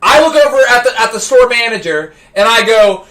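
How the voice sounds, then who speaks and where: A man on a live stream telling a story from his childhood, excitable, stumbling over restarts and working up to shouts. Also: very high voice, a little fast, hardly any pauses, crowd noise. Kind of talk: animated anecdote telling.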